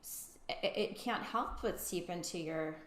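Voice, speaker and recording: A woman's voice: fairly low pitch, a little slow, a bit bright. A middle-aged woman musician in casual conversation, talking with many fillers and laughs. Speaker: violinist and interviewer. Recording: echoey room.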